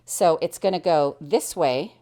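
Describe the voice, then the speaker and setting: American woman, middle-aged, quilting tutorial, chatty and cheerful, fairly low voice. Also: a little slow, warm tone. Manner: chatty, cheerful step-by-step explaining. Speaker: quilting teacher. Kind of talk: hands-on sewing tutorial.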